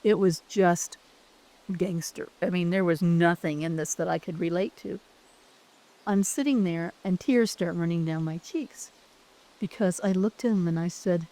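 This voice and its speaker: A woman's voice: on the low side, measured pace, dark tone. A woman who used to teach, telling a personal story in an earnest, heartfelt way, often restarting her sentences. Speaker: former teacher.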